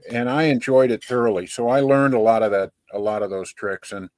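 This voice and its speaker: A man in his sixties chats on a podcast with a dry, close sound and no room around him. He talks in a lively, slightly hammy way and likes to tease. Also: mid-range voice, a little fast, no room sound. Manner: lively, self-described ham, teasing. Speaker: podcast co-host. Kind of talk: casual chat.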